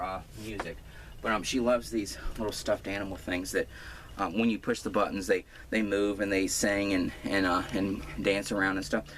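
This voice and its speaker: Low-voiced man rambling in a noisy room. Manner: rambling, full of fillers and restarts; self-deprecating. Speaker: crafting vlogger. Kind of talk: casual rambling vlog. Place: room at home. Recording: noisy home recording.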